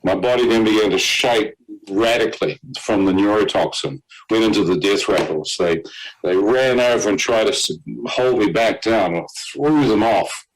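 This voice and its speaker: A man's voice: on the low side, moderate pace, poor audio. A man telling his own story as a testimony. He acts out the voices of the people he quotes and laughs between lines.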